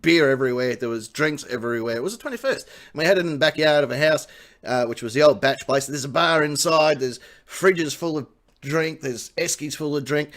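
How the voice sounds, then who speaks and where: A man's voice: fairly high pitch, a little fast, fairly bright tone. A man with an Australian accent, co-hosting a live talk show and telling funny stories with lots of laughter. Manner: storytelling, laughing, acting out phone calls. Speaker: co-host. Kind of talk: casual chat.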